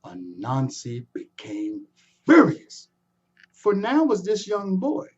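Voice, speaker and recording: A man performs a folktale with animated delivery, adding sound effects and inviting the audience to join in. His voice sits fairly high and swoops widely, with a husky, mellow tone. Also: muffled recording. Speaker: storyteller.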